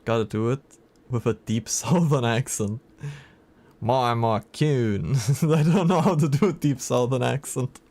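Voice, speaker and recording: A man chats casually on a live stream, talking to his viewers and reacting to their messages as they come in. His voice sits in an ordinary middle pitch for a man. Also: moderate pace, a little mellow. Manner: chatty, reacts to chat messages. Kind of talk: casual livestream chat.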